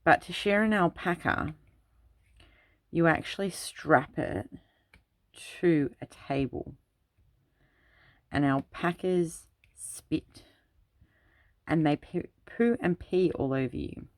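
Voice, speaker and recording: A woman's voice: sits low, slow pace, long pauses, no room sound. A woman hosting a craft video, telling long rambling childhood stories in a casual chat while she works. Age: adult parent. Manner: rambling anecdotal storytelling. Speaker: craft channel host.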